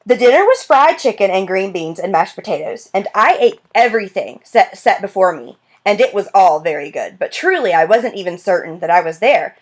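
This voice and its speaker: A woman's voice: medium pitch, very animated, a little fast, hardly any pauses. A woman narrating a children's novel in the first person, in an earnest, plain way. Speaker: audiobook narrator. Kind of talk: storybook narration.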